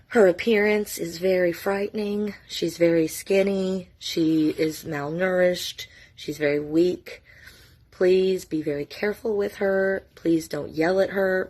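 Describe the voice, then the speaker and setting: A middle-aged woman talks straight to the camera in a storytime vlog, her voice low, creaky and husky. She sounds emotional, keeps herself from crying and swears casually. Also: a little mellow. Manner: emotional, holding back tears, casual swearing. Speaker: mother telling her family's story.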